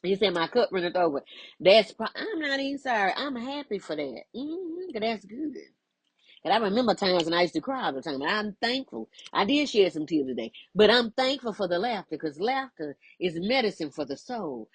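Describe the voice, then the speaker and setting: A woman giving a lively, inspirational faith talk, playful and quick to laugh, with folksy asides. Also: medium pitch, breathy edge, dry recording. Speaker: spiritual teacher.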